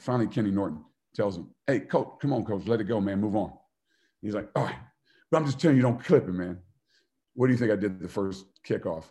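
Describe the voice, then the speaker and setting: A man's voice: on the low side, animated, brisk, pauses often, a little mellow. A middle-aged man, a former football player and coach, giving a motivational talk and telling stories, acting out the voices he quotes and laughing often.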